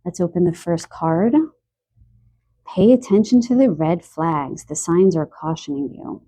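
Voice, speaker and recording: A woman giving a spoken tarot card reading, a little stuffy from allergies and clearing her throat, talking softly and earnestly with emotion. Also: lowish voice, expressive, a little slow. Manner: soft, earnest, emotional about animals.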